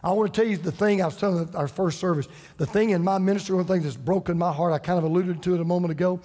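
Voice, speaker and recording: A man's voice: sits high, steady tone, rapid-fire, warm tone, long reverb tail. A man preaching a sermon as pastor, impassioned, acting out quoted voices with drama, from a church sanctuary.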